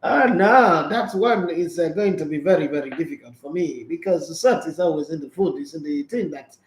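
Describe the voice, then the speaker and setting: A man's voice: fairly high pitch, normal speed, echoey room, a little hiss or hum. A man hosting a sports radio show, chatty and joking. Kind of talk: casual sports talk show.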